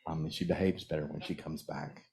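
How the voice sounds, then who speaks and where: A man minister preaching in a relaxed, conversational way, often stopping to ask the congregation questions. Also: very deep voice, vocal fry, very noisy. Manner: conversational, halting with restarts, asks the audience questions. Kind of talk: casual sermon. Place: church sanctuary.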